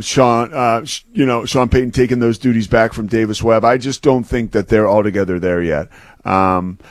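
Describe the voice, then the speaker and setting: A man's voice: lowish voice, no room sound. A man co-hosting a sports talk show, breaking down football in a casual, conversational way with lots of fillers and restarts. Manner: conversational, filler-heavy, repeats words when starting.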